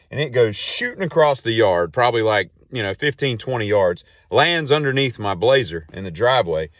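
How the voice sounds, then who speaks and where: A man hosting a podcast and telling a long casual story in a rambling, animated way with many asides. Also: on the low side, no echo, clean studio sound. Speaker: podcast host.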